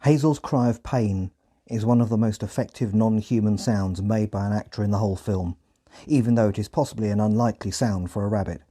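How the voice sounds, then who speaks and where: A man narrating a scripted podcast in a measured, descriptive manner. His voice sits fairly low and sounds mellow and relaxed. He walks through each scene step by step. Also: husky.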